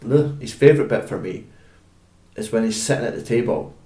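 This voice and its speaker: A man's voice: medium pitch, expressive, a little fast, mellow, reverberant. A young Scottish man co-hosting a podcast, chatting casually and rambling with lots of fillers and restarts. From Scotland. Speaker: podcast co-host. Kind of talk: casual chat.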